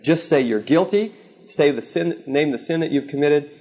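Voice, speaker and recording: A man's voice: on the high side, normal speed, darkish tone. A man teaching a sermon in an earnest, repetitive way, often checking in with "okay?". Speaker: preacher teaching on counseling. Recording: slightly dull lo-fi recording.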